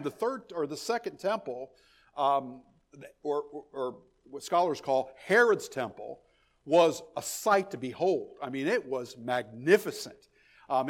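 A man preaching a verse-by-verse sermon, his voice sitting a little high for a man. He talks with animated emphasis, often stumbling over repeated words before pressing on. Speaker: pastor. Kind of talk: expository sermon.

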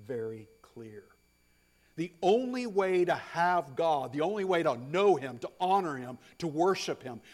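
A male pastor preaching a sermon, emphatic, stressing points through repetition and swinging from loud declarations to hushed asides. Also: a little high. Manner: repeats phrases for stress.

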